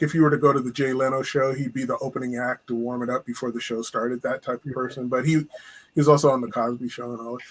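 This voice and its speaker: A man telling a story in a lively, animated way during a casual chat. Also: medium pitch, breathy edge, low-quality recording.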